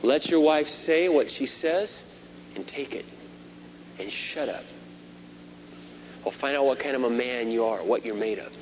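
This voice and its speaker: A middle-aged man preaching a sermon, animated, swinging between loud emphasis and quiet asides. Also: medium pitch, a little slow, pauses often. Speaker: pastor. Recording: dull lo-fi sermon tape with faint hum.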